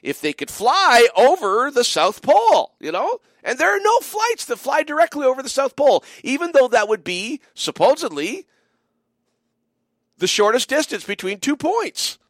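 His voice is extremely high, very animated, and a bit bright, moving at a moderate pace. This middle-aged late-night call-in host and biker church pastor rambles playfully through fillers, restarts, and mock-drawling asides, captured in clean studio sound without room sound.

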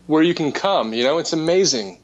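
A man's voice: on the high side, fairly quick, dull audio. A man, an energy healer, earnestly retelling a spiritual experience in casual conversation. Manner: earnest, animated retelling with restarts. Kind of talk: casual storytelling.

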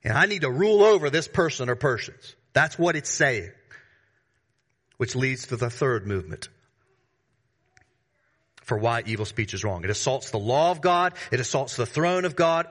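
Male pastor, bright voice, emphatic sermon delivery with sudden bursts and slangy asides. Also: expressive, moderate pace. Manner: emphatic preaching with sudden rises in pitch and volume.

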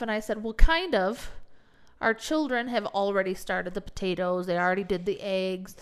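A woman in her forties, a teacher abroad, telling a story in casual chat and mimicking others in a high voice. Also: steady tone, normal speed, fairly bright tone, clean tone.

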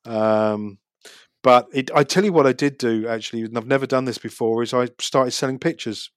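A man's voice: mid-range voice, moderate pace, no echo, studio quality. A man, talking casually about street photography and city life, chatty with frequent restarts. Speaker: street photographer, podcast guest. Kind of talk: casual chat.

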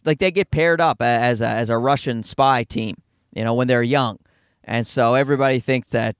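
Fast-talking Newfoundland man in a car. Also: medium pitch, clear, resonant tone, no room sound, studio quality. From Newfoundland, Canada. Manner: fast-talking, profane, self-deprecating. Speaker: stand-up comedian, podcast host. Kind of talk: casual rambling monologue.

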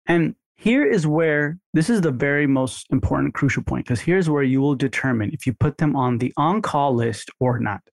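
A man teaching a coaching lesson, talking energetically and acting out sample phone calls in bright put-on voices. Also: on the high side, animated, moderate pace, gravelly, few pauses, no echo, clean studio sound. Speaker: marketing instructor. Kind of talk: coaching lesson with screen walkthrough.

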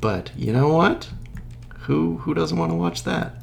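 A man's voice: a little high, expressive, unhurried, creaky, a little hiss or hum. A man co-hosting a casual podcast chat, laid-back, laughing often and trailing off mid-sentence. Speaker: podcast co-host.

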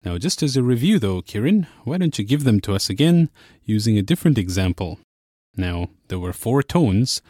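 A young man hosts a language lesson, explaining each point in a clear, measured way. His voice sits on the low side and sounds dry and close, with no room around it. He delivers it like scripted narration. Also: very animated, warm tone, no room sound. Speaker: language course host.

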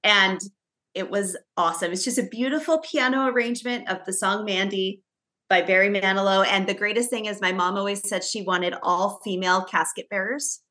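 Woman podcast co-host, bright tone, rambling casual storyteller. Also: medium pitch, steady tone, normal speed. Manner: chatty storyteller, frequent fillers and restarts. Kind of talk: casual chat.

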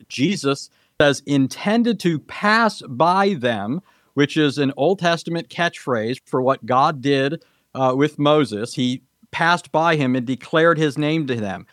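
A man's voice: medium pitch, unhurried, dry recording. A man answering questions in a formal debate, precise and lecturing, citing verses and Greek grammar. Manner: precise, lecturing, cites scripture references.

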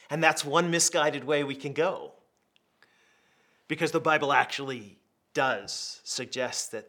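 A middle-aged man preaching a conversational sermon, telling stories in a lively, plain-spoken way. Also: a little high. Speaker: pastor.

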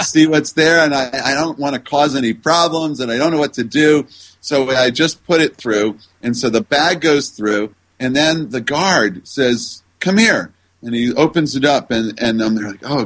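Older male scientist guest, chatty anecdotal storyteller, average pitch. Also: poor audio. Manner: animated anecdote-telling with many fillers. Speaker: guest researcher. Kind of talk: storytelling in a podcast interview.

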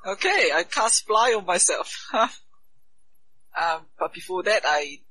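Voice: medium pitch, expressive, takes it slowly, bright, forceful tone, slight background noise, rough recording. A player in a tabletop game chatting casually, hesitant and full of ums. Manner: hesitant, lots of ums, giggly.

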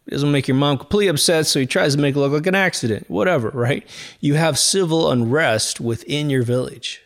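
A man's voice: fairly high pitch, a little fast. Rambling middle-aged man hosting a podcast. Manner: rambling, conversational, frequent asides. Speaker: podcast host. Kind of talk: casual monologue.

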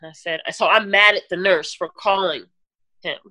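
A woman guest giving an earnest personal testimony in an interview, talking in halting runs with restarts and fillers. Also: lowish voice, bright, forceful tone, no room sound. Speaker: podcast guest.

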